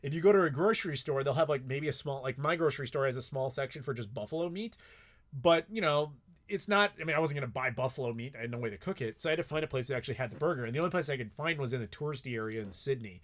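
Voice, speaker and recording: A man's voice: mid-range voice, very fast. A man casually answering viewer questions on a live stream, rambling and swearing freely with lots of filler words.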